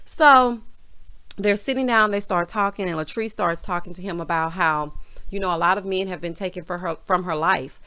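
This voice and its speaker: A woman with a Southern US accent recapping a reality show in sassy, animated casual chat, dropping "honey" into nearly every line. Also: on the low side, moderate pace, clean tone. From American South.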